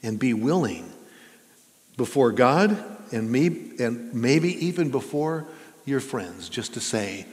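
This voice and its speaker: A man of medium pitch with a darkish tone preaches very animatedly but takes it slowly. As pastor in a church sanctuary, he is earnest and conversational and asks his listeners questions, the sound reverberating through the hall.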